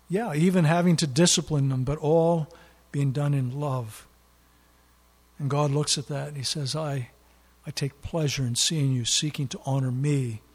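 A man preaching a sermon in an earnest way, leaning hard on key words for emphasis. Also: a little high. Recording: long hall reverb.

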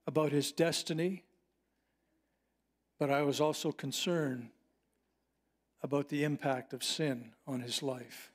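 A man's voice: on the high side, fairly even intonation. Earnest preacher, man with a raised voice. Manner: earnest, personal storytelling with slowed emphatic phrases. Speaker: pastor. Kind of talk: sermon.

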